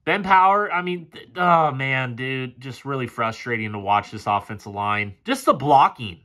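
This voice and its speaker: A man's voice: medium pitch, lively intonation, normal speed, pushed and bright. A man casually breaking down football game film, frustrated and sarcastic and swearing often. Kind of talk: casual play-by-play film commentary.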